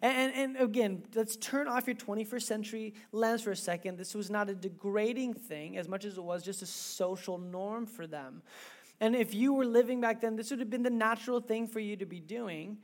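Woman preacher, sermon delivered as casual animated storytelling, chatty asides. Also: medium pitch, normal speed.

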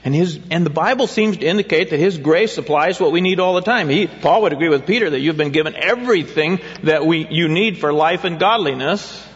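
A man preaches conversationally, frequently asking his listeners questions, in a slightly high voice. He talks a little fast and hardly pauses. The recording is dull, with long hall reverb.

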